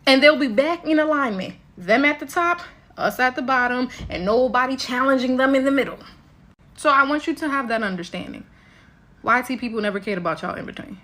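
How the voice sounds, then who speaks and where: A woman's voice: high voice, lively intonation, fairly quick, bright, forceful tone. A woman giving impassioned commentary, lecturing her listeners directly and emphatically.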